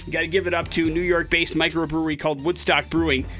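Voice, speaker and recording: A male radio morning show host with a high, bright and forceful voice relays a news story through chatty, wry banter peppered with dry jokes. His delivery is fast and flat, with faint studio music underneath.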